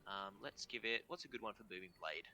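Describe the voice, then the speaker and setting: An Australian game master narrates a tabletop game casually, laughing easily and trailing off with "um" and "kind of." His lowish voice has lively intonation and a fairly quick pace, with crowd noise in the background.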